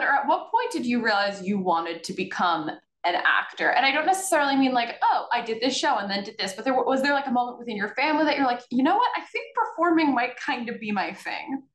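A woman's voice: a little high, sing-song, fairly quick, fairly bright tone. A woman hosting a casual interview with bubbly, rambling questions. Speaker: host. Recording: echoey room.

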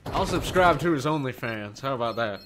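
A man's voice: mid-range voice, lively intonation, fairly quick. A man gamer joking and mocking another player in voice chat. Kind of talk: in-game voice chat. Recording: noisy game voice chat.

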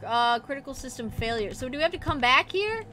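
Young woman streamer for horror let's-play, high and piercing, mutters then screams. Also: animated, fairly quick, sharp tone. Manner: jumpy and profane, mutters low then yelps in fright. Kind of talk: casual let's-play commentary.

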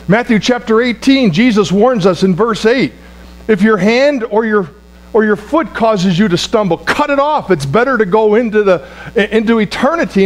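Over a low electrical hum, a high-voiced male pastor delivers a sermon, leaning heavily on repetition and asking his congregation for an amen. He often trips over phrases and starts them again.

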